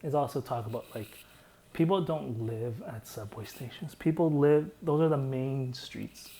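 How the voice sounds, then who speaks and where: A man's voice: mid-range voice, measured pace, mellow, a little hiss or hum, rough recording. A young man casually explaining his own song in a loose, rambling way, full of "like" fillers.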